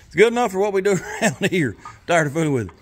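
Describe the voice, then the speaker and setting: A man's voice: sits high, sing-song, racing, slight background noise. A man hosting a casual garage vlog, rambling in a folksy, self-deprecating way and a little out of breath. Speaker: garage channel host. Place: home garage.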